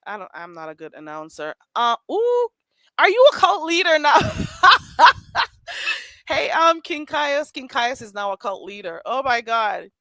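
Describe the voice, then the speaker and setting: Chatting through the live chat on her casual stream, a woman teases viewers by name and laughs a lot. She speaks a little slowly in a fairly bright, high-leaning voice with big pitch swings. Her streaming mic picks up no echo, but the recording quality is low.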